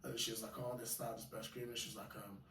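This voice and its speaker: A man casually telling animated, slangy stories of fights and bouncer work, laughing often. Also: fairly low pitch, fast talker. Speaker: podcast guest. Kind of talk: casual storytelling. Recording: echoey room, mic far off, faint noise.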